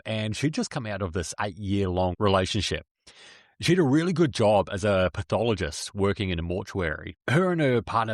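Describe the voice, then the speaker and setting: A man's voice: lowish voice, dry recording. Laid-back man, dry close mic. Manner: laughs often, loose storytelling with fillers. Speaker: podcast co-host. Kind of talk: casual podcast chat.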